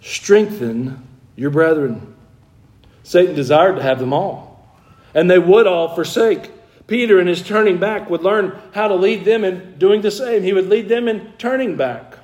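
A man's voice: high-pitched, unhurried, a little mellow. A man preaching a sermon in an earnest, emphatic way, restarting phrases and pressing key points. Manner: earnest, emphatic, with frequent restarts and rising stresses.

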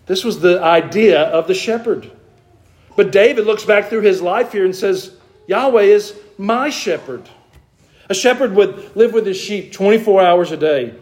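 A man's voice: high voice, darkish tone. A man from the American South preaching a sermon to his congregation, with earnest emphasis, and asking them questions. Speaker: pastor. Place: church.

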